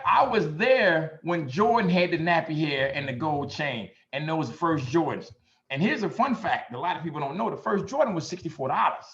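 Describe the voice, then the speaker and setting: A man's voice: medium pitch, fairly bright tone, reverberant, dull audio. A middle-aged man from the US Midwest, an instructor telling personal stories in a loose, profane, casual way. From Gary, Indiana, US Midwest. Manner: loose, profane, storytelling with quoted voices.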